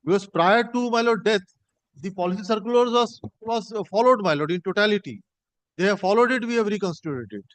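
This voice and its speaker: A man arguing a case in a courtroom, halting and repeating "my lord" while reading from a judgment. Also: high voice, dry recording, poor audio. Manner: halting, addresses the bench as my lord in nearly every phrase; reads passages from a judgment aloud. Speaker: advocate arguing an appeal. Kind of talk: courtroom argument.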